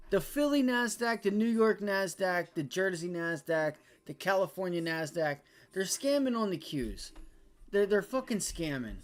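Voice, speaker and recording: A man hosting a live day-trading stream, talking viewers through charts with profane, exasperated rants and repeated phrases. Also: sits high. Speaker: day-trading livestream host.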